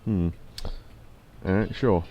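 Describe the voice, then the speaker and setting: Deep and slow, his voice comes through a muffled recording with faint music in the background. While streaming a game, he chats and tells stories casually, laughs often, and puts on an accent to read the game's lines.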